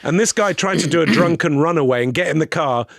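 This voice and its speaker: A man's voice: a little high, quick pace, gravelly, no room sound, studio quality. A middle-aged man telling a comic anecdote on a podcast. He swears freely and acts out other people's voices. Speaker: podcast guest.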